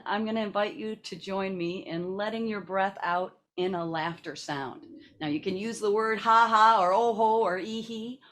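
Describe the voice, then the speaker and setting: A woman's voice: mid-range voice, a bit bright. A woman leading a seated laughter and breathing exercise over a video call, coaxing and playful, laughing often. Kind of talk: guided group exercise.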